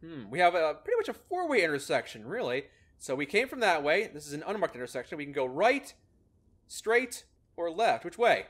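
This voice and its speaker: Lively high-voiced man explaining gameplay. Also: a little fast. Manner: explanatory, upbeat, laughs often. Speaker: host explaining a maze algorithm in a game. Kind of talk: casual gameplay commentary.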